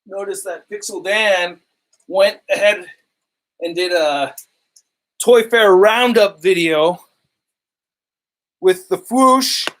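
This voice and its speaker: A man's voice: high voice, a bit bright. A man hosting a casual live stream about toy collecting, rambling and joking, often laughing and repeating himself.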